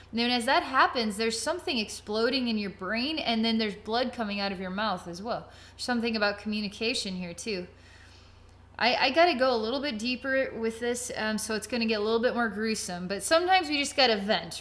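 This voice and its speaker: A woman's voice: fairly high pitch, fairly bright tone. A woman giving a psychic healing reading, vivid and dramatic, thinking aloud with frequent restarts. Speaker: psychic reader.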